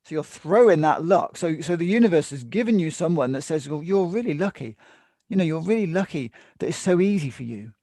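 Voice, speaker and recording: A man talks through a relaxed podcast conversation, his voice sitting a little above the usual male pitch. He acts out other people's lines in quick asides. The sound is close and dry, with no room around it. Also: no room sound. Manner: animated, mimics others in quoted asides. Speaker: podcast co-host. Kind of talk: casual conversation.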